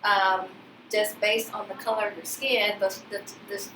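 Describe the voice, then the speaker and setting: A woman's voice: medium pitch, flat delivery, a little slow. A woman speaking on a panel, thinking aloud with hesitations and laughing often. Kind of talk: panel discussion. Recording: roomy sound from a distant mic, faint noise.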